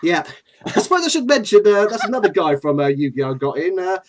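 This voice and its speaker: A man's voice: high-pitched, sing-song, fairly quick. A man hosting a casual comedic chat, chatty and giggly, often apologetic. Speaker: host.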